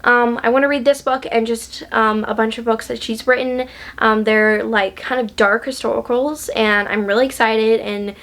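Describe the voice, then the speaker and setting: A woman's voice: on the high side, fairly even intonation, moderate pace, fairly bright tone. A woman book vlogger in a casual chat, gushing and chatty, with lots of ums and likes.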